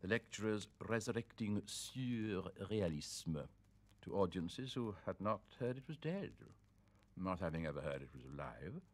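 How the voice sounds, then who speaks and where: A deep, low-pitched man reciting literary prose with theatrical flair. His delivery is sonorous and swells from hush to boom. Every phrase is shaped for performance. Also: very animated, unhurried. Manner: theatrical, sonorous, sweeping swings of loudness. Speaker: reader. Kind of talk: dramatic reading of literary prose.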